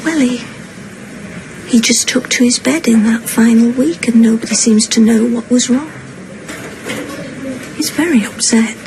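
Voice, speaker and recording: A woman's voice: fairly high pitch, unhurried, long pauses. A fretful older mother. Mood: grieving. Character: anxious, self-pitying older mother and grandmother. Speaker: soap opera character. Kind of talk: television drama acting. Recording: noisy broadcast soundtrack.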